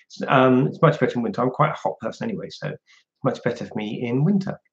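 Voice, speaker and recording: A man's voice: mid-range voice, fast, creaky, dull audio. A man hosting a casual livestream, chatting and answering viewers' questions one by one. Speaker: livestream host.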